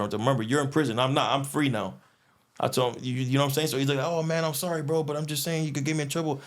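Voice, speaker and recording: A man's voice: medium pitch, steady tone, rapid-fire. A man telling a long prison story in casual, slangy talk, with many restarts and fillers, and acting out the lines of other people.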